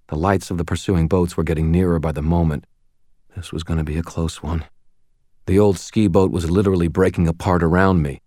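A man reading a first-person novel aloud as an audiobook narrator, with a measured, steady delivery. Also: low voice, no echo, studio quality.

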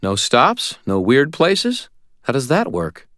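A man voicing a brisk, practical woman who asks blunt questions. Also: mid-range voice, wildly swooping pitch, fairly bright tone, dry recording, clean studio sound, voice pushed up, heavily acted. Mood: curious. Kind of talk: audiobook character voice.

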